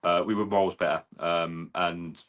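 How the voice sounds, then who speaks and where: A man's voice: low-pitched, steady tone, normal speed, a bit bright. An English man co-hosting a football fan channel, matey and enthusiastic in casual chat.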